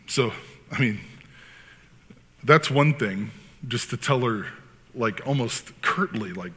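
A man preaching a sermon as pastor, talking in an animated, conversational way with frequent asides. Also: medium pitch, takes it slowly, long pauses, husky. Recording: long hall reverb.

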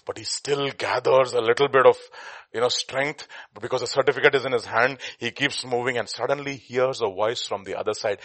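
A man preaching an animated sermon, acting out scenes and shifting between loud outbursts and quiet asides. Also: mid-range voice, a little fast, no echo. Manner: dramatic, acts out scenes with shouted voices.

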